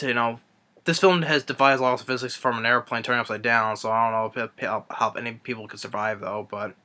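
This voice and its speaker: A man reviewing a film in an unscripted rant, exasperated and scornful, rambling with halting restarts and fillers. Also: mid-range voice, pushed and bright. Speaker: movie reviewer.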